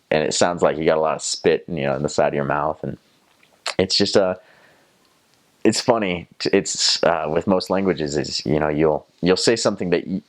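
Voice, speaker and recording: A young man casually recounting the languages he learned, rambling with lots of fillers and sounding out foreign words as he goes. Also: a bass voice. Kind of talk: casual storytelling to camera.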